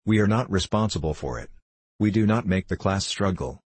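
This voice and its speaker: A man reads a confident male debater in a deep, husky voice, laying out his argument with steady patience. The audiobook reading sits close and dry. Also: brisk, no echo.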